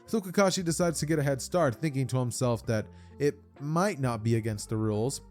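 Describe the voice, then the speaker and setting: Mellow-voiced man casually retelling a story. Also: mid-range voice, a little fast, faint music behind. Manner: slangy and chatty, with restarts. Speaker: YouTube storyteller. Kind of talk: casual fan-fiction retelling.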